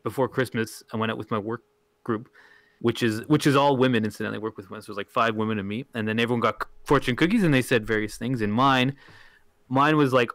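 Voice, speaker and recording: A man's voice: medium pitch, fairly bright tone, dry recording. A man co-hosting a podcast in casual chat, wry and teasing, telling stories. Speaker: podcast co-host.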